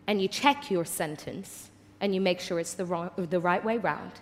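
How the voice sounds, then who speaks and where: A woman pastor preaching a passionate sermon in a large church hall, swinging from hushed tones to loud declarations. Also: lowish voice, moderate pace, a little hiss or hum. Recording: long hall reverb.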